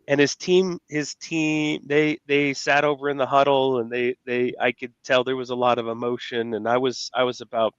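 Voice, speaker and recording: A man's voice: medium pitch, flat delivery, smooth, dry recording. Earnest man, dull dry lo-fi sound. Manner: earnest, emotional, halting with restarts. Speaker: podcast co-host. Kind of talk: conversational storytelling.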